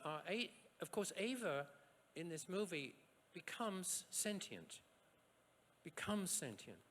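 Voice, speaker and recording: A man from Australia giving a university science lecture, rhetorical and lively, with asides and short jokes. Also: fairly high pitch. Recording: echoey lecture hall.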